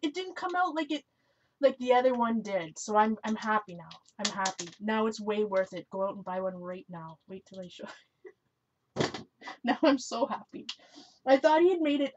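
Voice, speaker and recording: Here the same kind of crafting stream plays out: a woman talks casually as she works, laughs, fixes her own slips, and answers viewers aloud. Her mid-range voice is animated and darkish, moving at a moderate pace, captured on dull lo-fi audio with a little hiss or hum.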